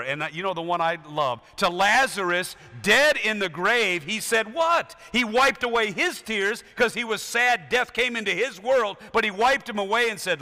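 A man preaching a sermon in a storytelling way, swinging between loud emphasis and hushed passages. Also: high-pitched, expressive, normal speed, hardly any pauses, in a large hall.

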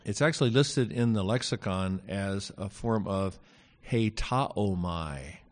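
A man with a fairly low-pitched voice teaches a casual Greek grammar lecture. He pauses often, fills gaps with fillers, and slips in wry asides.

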